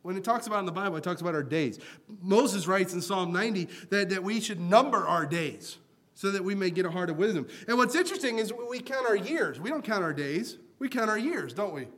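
High-voiced man in his thirties preaching. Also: animated, fairly quick, fairly bright tone. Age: 30s. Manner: joking and chatty, telling anecdotes between scripture readings. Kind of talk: conversational sermon.

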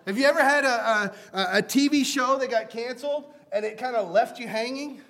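A man in his thirties preaching in a relaxed, conversational way with a fairly high voice. He jokes and tells small anecdotes between readings of scripture. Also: moderate pace. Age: 30s. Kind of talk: conversational sermon.

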